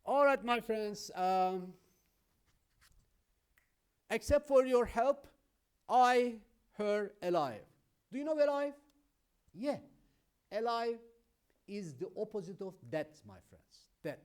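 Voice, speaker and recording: Slow-paced male teacher. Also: high-pitched, big pitch swings, smooth. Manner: slow, emphatic, explains with examples, keeps saying "my friends". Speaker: English teacher. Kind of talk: grammar lesson.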